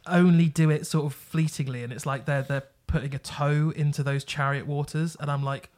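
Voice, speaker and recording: A man co-hosting a music podcast, speaking in loose, casual chat. His speech is full of "like" and "um", and he swears freely when he gets excited about a band. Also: on the high side, a little fast. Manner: eager, sweary, filler-heavy. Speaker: podcast co-host.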